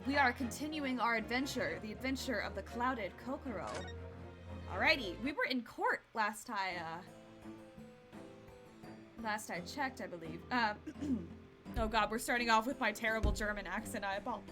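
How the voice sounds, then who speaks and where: With music playing behind her, a twenty-something woman chats casually while streaming a game, rambling and using many fillers. She talks at a normal speed in a voice on the high side.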